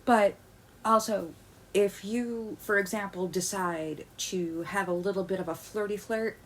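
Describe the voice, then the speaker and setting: A woman vlogger ranting in heated commentary. She stammers through restarts and swings from loud outbursts to quiet muttering. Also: mid-range voice, slight background noise. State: agitated.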